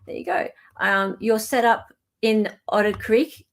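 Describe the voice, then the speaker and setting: A woman's voice: a little high, a little slow. An Australian woman hosting a livestream in casual chat, reading out viewer comments, thanking viewers by name and laughing often. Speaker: livestream host.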